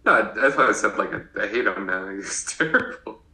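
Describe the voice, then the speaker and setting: Jokey man with a bright voice. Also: lowish voice, animated, normal speed, poor audio. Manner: jokey, laid-back quips. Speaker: podcast co-host. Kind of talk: casual chat.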